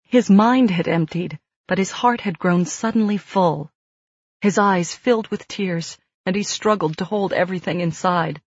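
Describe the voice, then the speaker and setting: A woman narrating an audiobook in a calm, steady storytelling manner. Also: lowish voice, measured pace, breathy edge, dry recording. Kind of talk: scripted narration. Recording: dull dry studio read.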